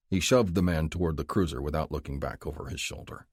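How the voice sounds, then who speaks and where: A man narrating a romance audiobook in an expressive, measured reading style. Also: extremely low pitch, slightly rough, dry recording, studio quality. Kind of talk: scripted narration.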